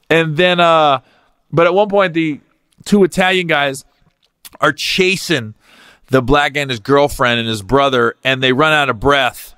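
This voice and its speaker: A male comedian hosting his podcast, telling stories in an animated, profane way and laughing at his own jokes. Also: on the high side, moderate pace, smooth, dry recording, clean studio sound. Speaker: podcast host.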